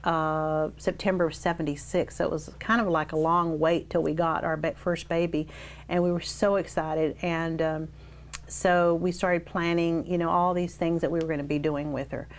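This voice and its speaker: An older woman recounts her life in an interview, her voice sitting a little low for a woman. She tells the story with animation and acts out the people she quotes, and a faint hiss runs under the recording. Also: little pitch movement, normal speed. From South Texas. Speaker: oral history interviewee. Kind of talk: reminiscing storytelling.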